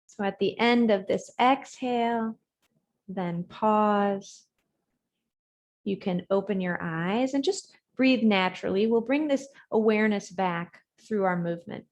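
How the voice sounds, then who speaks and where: Woman gently guiding a breathing practice. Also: mid-range voice. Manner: gentle, measured cues with soft trailing words. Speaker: yoga instructor. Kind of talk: guided breathing and yoga instruction. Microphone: video call.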